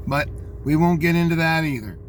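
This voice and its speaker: A man's voice: a little high, a little fast, slight background noise. An older man reading out news headlines and commenting on them in a rambling, scornful way, talking straight to his listeners.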